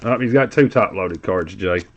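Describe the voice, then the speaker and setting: A man's voice: fairly low pitch, normal speed, dull audio. A middle-aged man casually chatting on a live stream while opening trading card packs, teasing a viewer in a joking, profane way.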